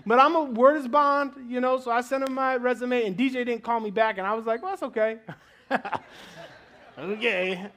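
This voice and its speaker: Animated man preaching his testimony. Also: normal speed. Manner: animated storytelling, drops low and quiet in prayer. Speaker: guest preacher. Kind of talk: sermon testimony. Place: church sanctuary.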